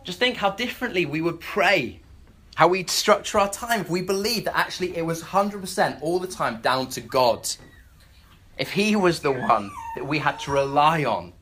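A preacher giving an animated sermon, retelling a story with many stammered restarts and acting out the voices of its characters. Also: medium pitch, moderate pace.

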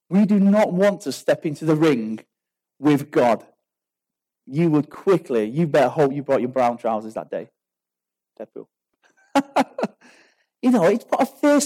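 A man with a fairly high voice delivers a church sermon. He preaches in a lively, joking way, throwing in laughs and acted-out asides as he goes. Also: low-quality recording. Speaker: pastor. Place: church hall with a congregation.

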